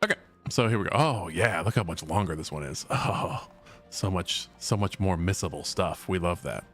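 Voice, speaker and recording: A man's voice: low voice, animated, normal speed, fairly bright tone. A man streaming a video game, chatting casually and joking with his viewers. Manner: chatty and joking, reads game text aloud. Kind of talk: casual let's-play chat.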